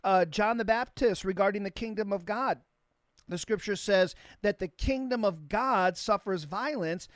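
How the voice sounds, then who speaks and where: A pastor delivering a sermon in a mid-pitched voice, dry and close with no room sound. The delivery is emphatic, with key phrases repeated and words spelled out letter by letter. Slow, stressed lines alternate with quick runs. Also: dry recording.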